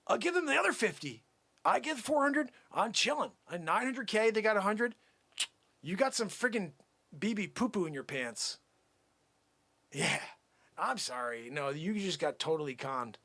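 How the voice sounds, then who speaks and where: A man performing a comic skit rant, mocking and taunting, swinging between loud outbursts and low muttering. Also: lively intonation, moderate pace, vocal fry, slightly rough. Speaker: channel host.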